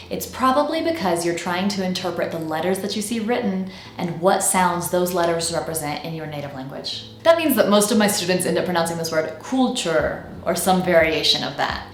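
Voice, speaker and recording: A woman with a General American accent gives a scripted pronunciation lesson, speaking clearly and slowing down to model each word. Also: fairly low pitch, roomy sound, a little hiss or hum. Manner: clear, deliberate, slows down to model words. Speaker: pronunciation teacher.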